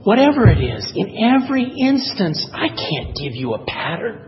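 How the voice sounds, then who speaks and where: A man's voice: sits high, normal speed, big-room sound, dull audio, slight background noise. A man preaching a sermon, telling stories and acting out quotes with energy. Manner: animated storyteller, voices quotes. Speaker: pastor.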